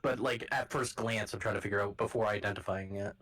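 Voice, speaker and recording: A man's voice: lowish voice, fairly even intonation, fast, a bit bright, low-quality recording. A man as a tabletop game player, chatting casually and explaining with plenty of restarts. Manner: explains with many restarts and fillers.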